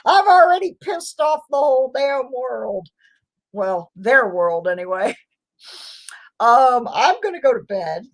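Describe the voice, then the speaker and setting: A woman's voice: a little high, low-quality recording. A woman hosting her own live stream, chatting casually with viewers and laughing often. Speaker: channel host.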